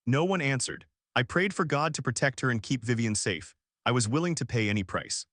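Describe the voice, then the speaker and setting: A man narrating a first-person love story in a steady, earnest way. His voice sits at a middle pitch. The recording is close and dry, with no room sound. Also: brisk, dry recording.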